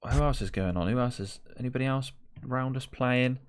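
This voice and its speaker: A man's voice: mid-range voice, a little fast, clean tone. A young man gives chatty, exasperated live commentary on a game, talking to the players on screen. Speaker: gaming video creator.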